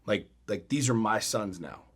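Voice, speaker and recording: A middle-aged man co-hosting a podcast, telling a story in a blunt, profane, animated way. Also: fairly low pitch, normal speed, husky. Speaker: podcast co-host. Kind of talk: casual chat.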